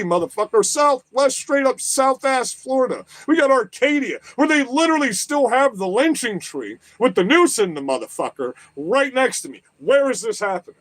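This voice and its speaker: Agitated male streamer, foul-mouthed rant, high pitch, dry close sound. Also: no room sound. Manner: agitated, swears constantly, repeats questions. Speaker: livestream host. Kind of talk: profane political rant. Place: lives in southwest Florida.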